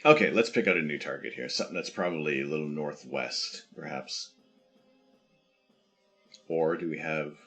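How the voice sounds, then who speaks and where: A man's voice: a bass voice, moderate pace, long pauses, faint music behind. A Canadian man streaming live, chatting casually and answering viewer questions as they come in. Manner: relaxed, reads viewer questions aloud and answers them.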